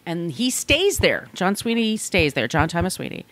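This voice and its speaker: A woman's voice: lowish voice, sing-song, moderate pace, fairly bright tone. Blunt woman telling a crime story. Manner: conversational, blunt, emphatic. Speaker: podcast co-host.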